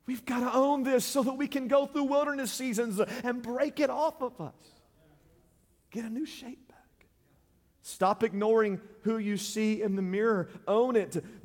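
High-voiced preaching man, loud to hushed. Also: moderate pace, in a large hall. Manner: preaching with big swings from loud shouting to hushed pleading. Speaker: pastor. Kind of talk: sermon.

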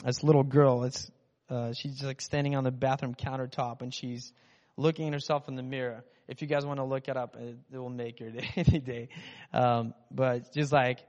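A man's voice: mid-range voice, level tone, moderate pace, darkish tone. A man preaching a casual, joking sermon as a pastor, talking in a loose conversational way. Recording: muffled in a reverberant hall.

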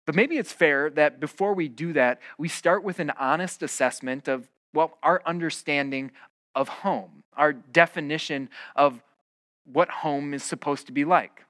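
A man with a bright, lively tone and a fairly high voice delivers a church sermon in an easygoing, storytelling way. The sound is close and dry, with no room echo. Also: unhurried. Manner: casual storytelling with fillers and restarts. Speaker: pastor. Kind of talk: conversational sermon.

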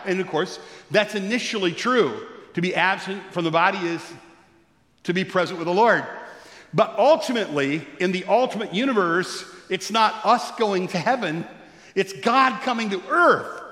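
A man preaching a sermon in a big, echoey church hall, with a long reverb trailing after his words. His voice sits a little high for a man, and it climbs higher still when he gets stirred up. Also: a bit bright. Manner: expository preaching, rising in pitch when stirred. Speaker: pastor.

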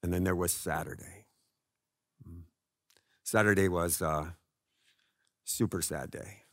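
Slow, bright-voiced male preacher. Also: sits low, steady tone, no room sound, studio quality. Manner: dramatic storytelling, swinging from loud to hushed. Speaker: pastor. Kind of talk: sermon.

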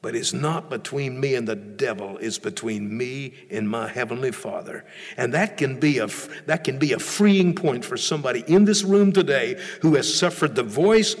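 A man's voice: mid-range voice, vocal fry, husky, in a large hall. A male pastor preaching a sermon in a church, emphatic, often repeating and restarting phrases.

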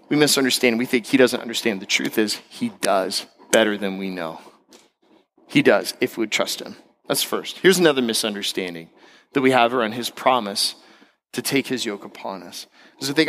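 Preaching briskly, a middle-aged pastor brings energy to his sermon by acting out other voices. When excitement takes hold, his voice leaps up in pitch.

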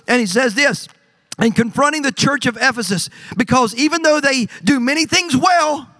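A man's voice: very high voice, a bit bright, no echo. A pastor preaching a sermon to his church, building to emphatic surges and repeating words as he presses his points. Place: church sanctuary.

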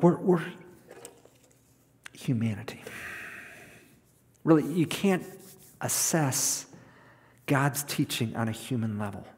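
A man's voice: mid-range voice, darkish tone. A man preaching a sermon in a conversational way, often repeating words as he goes. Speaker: pastor. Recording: long hall reverb.

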